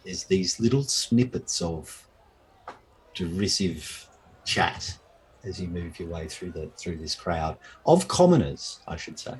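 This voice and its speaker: A man narrating as game master of an online tabletop game, halting and full of restarts and fillers. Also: deep voice, very animated, slightly rough, rough recording. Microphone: online call mic.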